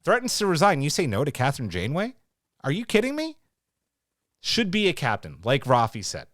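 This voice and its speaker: Lively guy ranting on a podcast, swears a lot, voice swings all over, dry sound. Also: a little high, a little fast, no room sound. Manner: animated, swears freely, ranting. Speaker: podcast co-host. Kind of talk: casual review chat.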